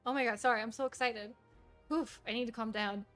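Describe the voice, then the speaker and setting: A woman streaming a game, chatting in an excitable, giggly and self-mocking way. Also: fairly high pitch, a little fast, soft background music. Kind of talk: live gameplay commentary.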